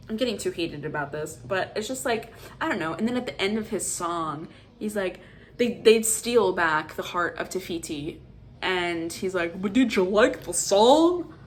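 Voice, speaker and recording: A woman's voice: fairly low pitch, a little slow. Exasperated young woman ranting about films. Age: 20s. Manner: animated, exasperated rants. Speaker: vlogger. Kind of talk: casual movie review monologue.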